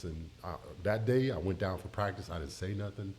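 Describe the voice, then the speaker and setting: Podcast guest, middle-aged man from Tampa Bay, lowish voice, animated storyteller, slight hiss behind. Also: brisk. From Tampa Bay, Florida. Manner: animated, addresses listeners as y'all. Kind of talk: emotional storytelling in casual podcast chat.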